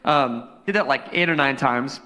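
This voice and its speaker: A young man, a youth pastor, preaching casually into a handheld mic, telling a story with jokes and animated asides. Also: mid-range voice, normal speed. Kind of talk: sermon. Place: church sanctuary. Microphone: handheld microphone. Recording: long hall reverb.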